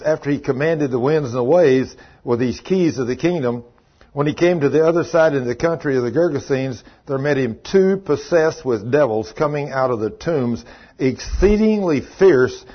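A man's voice: medium pitch, slightly rough, highs cut off. A man preaching a fervent sermon in a church, mixing stories with scripture reading. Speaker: pastor.

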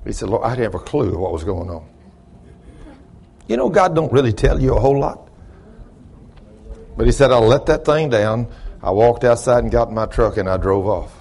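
A man's voice: mid-range voice, animated, normal speed, pauses often. A middle-aged man, preaching and telling a long story in a sermon. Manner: shouts praise, then drops to quiet storytelling. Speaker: pastor.

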